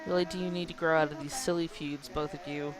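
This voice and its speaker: Strict posh mom in a game, lecturing, lowish voice, woman reading it out. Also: fairly even intonation, fast, over music, lightly acted, low-quality recording. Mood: reproachful. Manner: reproachful, lecturing. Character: stern aristocratic mother scolding her son.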